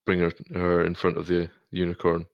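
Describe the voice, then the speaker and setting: A man playing a tabletop game, describing his character's actions in a relaxed, halting way. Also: low voice, vocal fry, no echo, lo-fi sound. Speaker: player.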